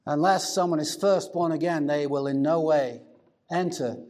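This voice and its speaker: A male pastor preaching a sermon, deliberate and emphatic, slowing down to stress key words. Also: fairly high pitch, darkish tone.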